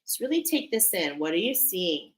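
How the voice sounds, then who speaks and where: A woman's voice: lowish voice, sing-song, normal speed. Woman host, oracle card reader, earnest and emphatic delivery, in an echoey room. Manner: earnest, emphatic, repeats "okay?" often. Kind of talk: spiritual card reading to viewers.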